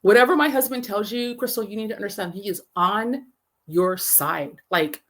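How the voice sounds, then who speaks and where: A woman's voice: medium pitch, moderate pace, fairly bright tone, natural voice. A woman quoting an irritated young mother who firmly lectures her at the door. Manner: firm, lecturing.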